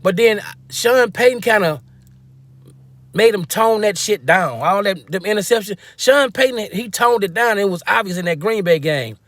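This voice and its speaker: A man's voice: high-pitched, animated, normal speed, fairly bright tone, no echo. A man giving a casual, slangy football-fan rant, joking and acting out quotes as he goes. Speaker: sports fan commentator.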